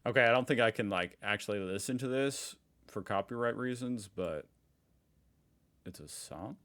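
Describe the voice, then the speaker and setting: A man's voice: on the low side, normal speed, loud music behind the voice. Chatty American man reacting casually. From United States. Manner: chatty, curious, easily amused. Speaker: reaction video host.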